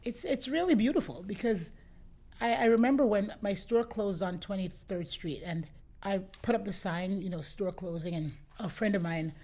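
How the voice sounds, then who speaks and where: A middle-aged woman who owns a boutique, chatting as an interview guest and telling lively anecdotes, often acting out what her customers said. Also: medium pitch, moderate pace. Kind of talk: casual interview storytelling.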